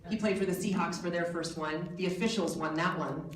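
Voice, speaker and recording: A woman's voice: on the low side, fairly quick, noisy background. An American woman in her forties giving a keynote speech to an audience in a large hotel hall, telling her story with jokes that poke fun at herself. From United States. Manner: jokey, self-mocking storytelling. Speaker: guest speaker. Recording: echoey hall from a distance.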